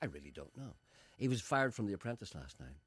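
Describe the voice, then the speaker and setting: A man's voice: on the low side, sing-song, quick pace, husky, no echo. A man presenting a comic radio show in a sardonic, rambling, mock-grandiose way. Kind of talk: comic radio monologue and banter.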